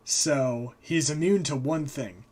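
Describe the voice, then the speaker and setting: A man hosting a live stream, casually retelling myths and slipping into quick character voices. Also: medium pitch, darkish tone. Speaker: host. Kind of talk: casual storytelling.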